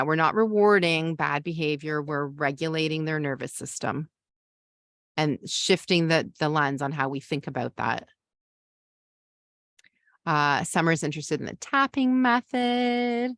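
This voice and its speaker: A parenting coach and podcast host leads a live masterclass, reading out viewer questions and answering in a loose, conversational style. Her voice sits low but has a fairly bright tone, recorded cleanly in studio quality with no room sound.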